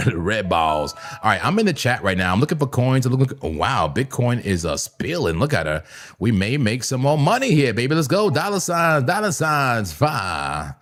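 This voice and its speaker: A man hosting a live crypto trading stream, talking casually and excitably, with a voice hoarse and cracking from long streams. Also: mid-range voice, normal speed. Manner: excitable, laughs often, sudden shouts. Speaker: crypto trading livestream host.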